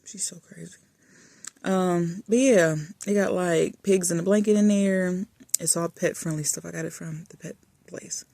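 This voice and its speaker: A woman vlogger chatting casually and affectionately while lying in bed in a dark room, often dropping to soft murmurs. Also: lowish voice, steady tone, moderate pace, creaky, no echo. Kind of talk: casual chat.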